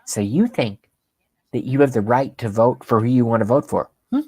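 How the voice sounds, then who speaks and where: A smug woman news anchor, as a man mocks her, talks down to the viewer with slow, patronizing questions that trail into a lingering hmm. The voice sits at a middling pitch and sounds close and dry, with no room sound. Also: dark tone, husky, no echo. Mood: condescending.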